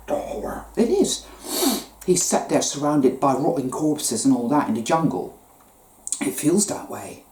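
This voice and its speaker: A woman's voice: deep voice, mellow. A woman giving an intense, emotional spiritual monologue, gasping at times and swearing now and then. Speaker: spiritual vlogger. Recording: echoey room.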